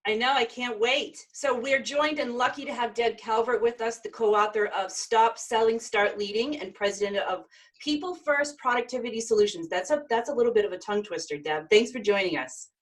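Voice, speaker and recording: Woman from maine hosting a live sales webinar, kinda high voice, excited intros, video call audio. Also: rough recording. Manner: enthusiastic, quick introductions. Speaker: host of a virtual sales event.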